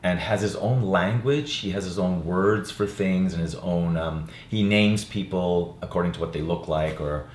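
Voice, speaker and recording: Older male actor-playwright, deep voice, easygoing interview chat, roomy room. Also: normal speed, hardly any pauses, slight background noise. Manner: relaxed, reflective, with frequent fillers. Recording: roomy sound with faint ambience.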